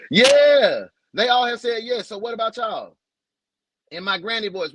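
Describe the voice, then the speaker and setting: Young Southern man, high lively voice, slangy joking livestream host. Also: slow, long pauses, noisy background. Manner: loose, joking, slangy, greets viewers by name. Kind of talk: casual livestream chat.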